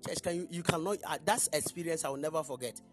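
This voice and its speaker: A woman's voice: low voice, quick pace, faint music behind. A woman preacher delivering a sermon in church, emphatic and questioning the congregation.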